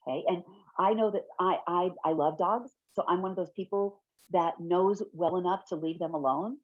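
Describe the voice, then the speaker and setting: This middle-aged woman runs a fair housing session online from home, talkative, laughing easily and fixing her words partway through sentences. Her pitch is on the low side, with no room sound, captured in dull, lo-fi webinar quality.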